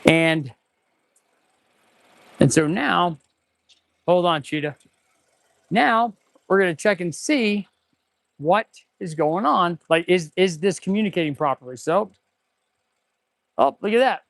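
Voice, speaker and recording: Excitable high-voiced mechanic man. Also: takes it slowly, vocal fry, long pauses, dry recording. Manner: excitable, rambling, talks to viewers while testing parts. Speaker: auto mechanic and shop owner hosting a livestream. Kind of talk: casual livestream chat while working. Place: auto repair shop, indoors. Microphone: clip-on mic.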